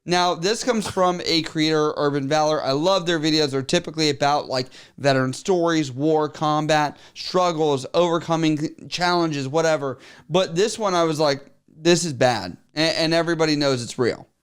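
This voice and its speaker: A man co-hosting a podcast, introducing a clip in a relaxed, wry way. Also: fairly high pitch, normal speed, few pauses, smooth. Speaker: podcast co-host. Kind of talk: casual podcast chat.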